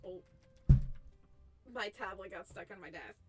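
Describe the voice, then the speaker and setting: Over loud background music, a woman VTuber talks with her stream viewers in an unhurried, mid-range voice. The chat is casual and giggly, rambling along as she keeps cutting herself off mid-sentence.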